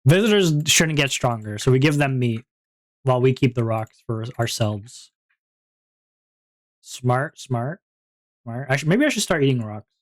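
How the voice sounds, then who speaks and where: A man's voice: medium pitch, lively intonation, a little slow, pauses often. A man streamer chatting casually with his viewers, rambling, with many fillers and restarts. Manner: laughs at his own jokes.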